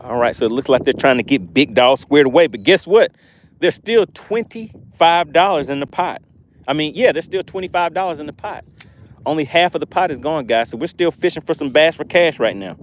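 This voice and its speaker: A man hosting a fishing live stream while he fishes. He reads the chat aloud, keeps exclaiming in excitement and keeps plugging channel membership. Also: on the high side, brisk, a little hiss or hum. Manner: chatty and promotional. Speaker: fishing livestream host.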